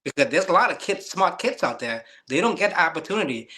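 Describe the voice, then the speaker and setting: A man in his fifties from Laos, speaking English as an in an earnest, halting casual chat. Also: on the high side, sing-song, pushed and bright. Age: 50s. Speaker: co-host. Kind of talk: casual conversation.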